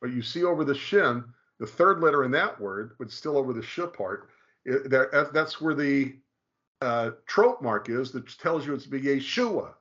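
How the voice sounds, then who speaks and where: A man presenting in a casual explanatory discussion, halting and restarting often and drawing out key names slowly. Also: mid-range voice, expressive, fairly bright tone, lo-fi sound. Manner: halting, frequent restarts, slow drawn-out stress on names.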